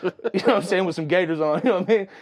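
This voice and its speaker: A young man, a music producer, telling stories in a casual, slangy, animated way. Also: high-pitched, racing. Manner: animated, slangy, full of "you know what I'm saying". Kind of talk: casual storytelling.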